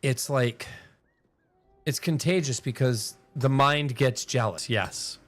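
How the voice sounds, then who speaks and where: A man's voice: medium pitch, slow pace, a bit bright. A man streaming a game, chatting casually and thinking aloud as he plays, rambling between talking to himself and to his chat.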